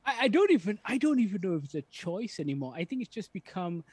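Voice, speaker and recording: A man's voice: high voice, sing-song, a little mellow, slightly rough, dry recording. A man co-hosting a film podcast, speaking in an earnest, thoughtful way. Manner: earnest, thoughtful, builds points slowly. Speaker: podcast co-host. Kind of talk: casual film discussion.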